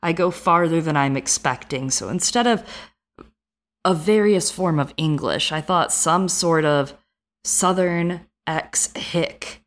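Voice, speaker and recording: Frank low-voiced Midwestern woman. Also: slow pace. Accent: Midwestern American. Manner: animated, frank, swears freely. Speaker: podcast co-host. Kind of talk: casual podcast chat.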